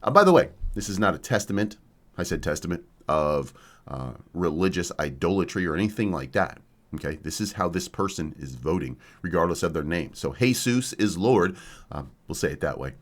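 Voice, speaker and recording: A man's voice: low voice, lively intonation, fairly quick. A man hosting a crypto channel, lecturing viewers in a combative, repetitive rant. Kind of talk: casual ranting commentary.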